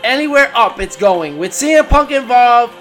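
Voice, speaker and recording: A man's voice: very high voice, expressive, normal speed, a bit bright, faint music behind. A man co-hosting a wrestling podcast, insisting his point and repeating it. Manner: emphatic, repeating himself. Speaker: podcast co-host. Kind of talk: casual wrestling podcast chat.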